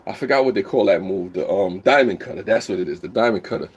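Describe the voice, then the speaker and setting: A man hosting a casual live stream, rambling while he reads the chat aloud and bursts into loud whoops. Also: low-pitched, expressive, fast, dull audio, a little hiss or hum.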